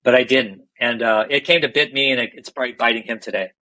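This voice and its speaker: A man's voice: mid-range voice, fast, bright, forceful tone, low-quality recording. A middle-aged man, a healthcare executive, candidly telling stories in a podcast interview and often restarting his phrases.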